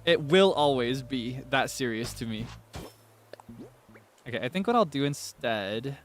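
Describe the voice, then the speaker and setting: Animated, playful male streamer. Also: medium pitch, a little slow, pauses often, faint music behind. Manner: playful, teasing, melodramatic outbursts. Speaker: livestreamer. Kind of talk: casual gaming livestream chat.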